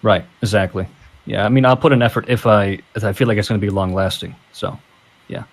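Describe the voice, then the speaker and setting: A podcaster chatting casually and plainly, talking at a quick clip. His voice is somewhat low and husky. He sounds relaxed and unpretentious. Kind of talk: casual chat.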